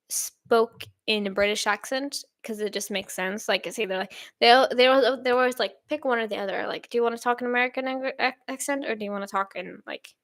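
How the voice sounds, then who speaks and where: A woman's voice: on the high side, fairly bright tone, no room sound. A woman in her twenties from Sweden, chatting casually and reading out viewer comments in an upbeat, rambling way with frequent laughs. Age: 20s. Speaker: channel host.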